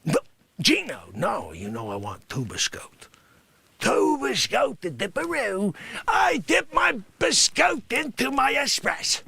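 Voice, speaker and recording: A man voicing a brash loudmouth at a coffee counter, blustering and switching between muttering and shouting. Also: extremely high pitch, wildly swooping pitch, unhurried, gravelly, husky, no room sound, voice pushed up, full character voice.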